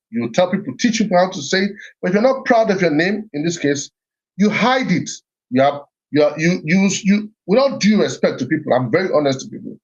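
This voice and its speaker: A man's voice: a little high, dull audio. A middle-aged man from Nigeria hosting a live stream, speaking earnestly with frequent restarts and repeats. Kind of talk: motivational live-stream talk.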